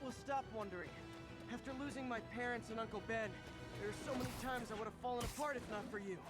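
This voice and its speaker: An actor voicing a young, earnest superhero in a video game, light and wry. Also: male voice, very high-pitched, fast. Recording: game audio under music.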